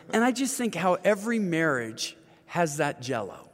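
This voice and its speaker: Man in his fifties, raised-pitch earnest storyteller, light hall reverb; interview guest. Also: very animated, moderate pace. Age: 50s. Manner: earnest storyteller, acts out quoted voices. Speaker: author and ministry leader. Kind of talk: interview conversation.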